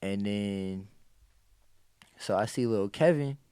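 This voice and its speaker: A man's voice: on the low side, slow pace, smooth, no room sound, clean studio sound. A man, a guest on a podcast, telling stories in casual, slang-heavy talk and acting out what people said. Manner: animated, acts out quoted exclamations, heavy slang and swearing. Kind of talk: casual storytelling.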